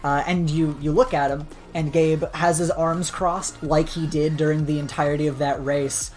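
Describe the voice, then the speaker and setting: A woman's voice: low voice, fairly even intonation, normal speed, a little mellow. A woman running a tabletop superhero game, narrating casually with lots of fillers. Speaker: game master.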